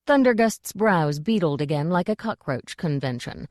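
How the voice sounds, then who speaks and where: A woman reading an audiobook in a measured storytelling manner. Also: sits low, expressive, a little mellow, no room sound, studio quality. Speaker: audiobook narrator. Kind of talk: scripted audiobook narration.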